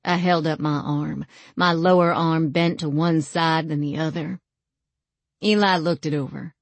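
A woman narrating a first-person novel in a wry, measured way, recorded on a close studio mic. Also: low-pitched, fairly even intonation, no echo. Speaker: audiobook narrator.

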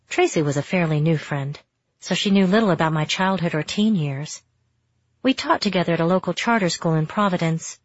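A woman with a lowish voice reads a novel in the first person, steady and reflective. The sound is dry and a bit dull, with no room around it. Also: brisk, no echo. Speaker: audiobook narrator.

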